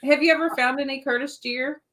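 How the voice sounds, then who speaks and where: A woman's voice: high voice, fairly even intonation, brisk, fairly bright tone. A woman from Northern Kentucky with a Southern accent, co-hosting a casual livestream chat in a hesitant, laughing way. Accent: Southern American. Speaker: co-host.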